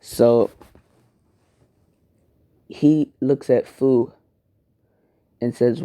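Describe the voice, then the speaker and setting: A man's voice: medium pitch, fairly even intonation, takes it slowly, pauses often, dark tone. A man casually narrating a fan-made story, crude and rambling, correcting himself as he goes.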